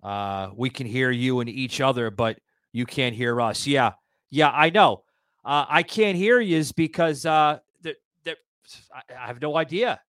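On a political talk show broadcast live in an audio room, a male podcast host gets fired up, ranting with plenty of swearing and stammered restarts. His mid-range voice is expressive and fairly bright, delivered at a measured pace with no room sound.

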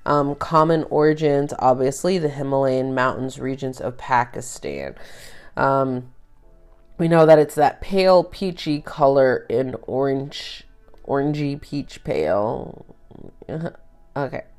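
A woman's voice: extremely low pitch, takes it slowly, a little mellow, faint music behind. A woman hosting a tarot podcast, talking about astrology in a casual, rambling way, full of fillers and the odd swear word. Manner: rambling, chatty, drops swear words, many fillers.

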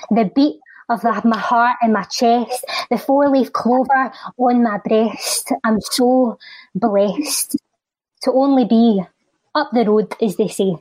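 A Scottish woman with a fairly high voice recites a spoken word poem with a steady rhythm, then slips into quick, chatty talk. She is recorded close and dry, with no room sound around her. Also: dry recording, rough recording. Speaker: charity guest and spoken word poet.

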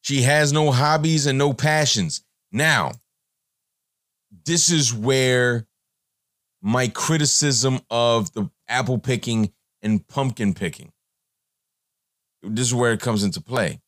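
A man's voice: medium pitch, slow pace, pauses often, a bit bright, no echo, studio quality. A man hosting a podcast, giving a blunt, profane, rambling monologue with many fillers. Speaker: podcast host.

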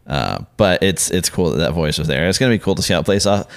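A man's voice: sits low, lively intonation, fast, vocal fry. A man co-hosting a podcast in casual chat, rambling with many fillers and restarts. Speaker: podcast co-host.

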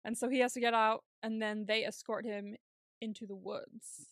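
A woman's voice: a little high, little pitch movement, moderate pace, fairly bright tone, dry recording, clean studio sound. Chatty young woman laughing through a recap. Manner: chatty, laughs often, retells scenes. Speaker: podcast co-host. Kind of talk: casual recap chat.

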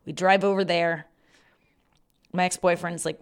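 A woman's voice: on the low side, steady tone, moderate pace, pauses often, clear, resonant tone. Swearing young woman telling stories. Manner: swears freely, acts out loud quoted shouts. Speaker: podcast host. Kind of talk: casual storytelling monologue.

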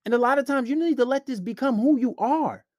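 A man's voice: very high voice, brisk, a little mellow, dry recording, clean studio sound. A man hosting a podcast, giving blunt, profane dating advice in a preachy, casual rant. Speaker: podcast host.

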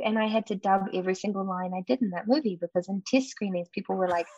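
A woman's voice: medium pitch, quick pace, few pauses, a little mellow, no echo, dull audio. A woman from New Zealand with a New Zealand accent, a guest actress chatting candidly in an interview and laughing often. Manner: candid, laughs often, acts out quoted people. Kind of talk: casual interview chat.

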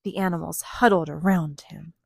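A young woman gently and playfully reading a picture book aloud to a child. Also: fairly low pitch, steady tone, normal speed, gravelly, dry recording, studio quality. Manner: gentle, playful, gasps for suspense.

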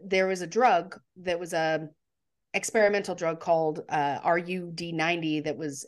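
A woman co-hosting a casual podcast, retelling a movie plot in an animated, storytelling way. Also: deep voice. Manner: animated storytelling with acted-out quotes. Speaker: podcast co-host. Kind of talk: casual film recap chat.

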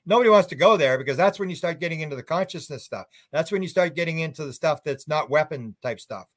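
A man's voice: a little high, animated, quick pace, dry recording. Older man rambling in a bluntly opinionated way. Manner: rambling, many restarts and fillers. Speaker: guest author. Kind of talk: radio interview answers.

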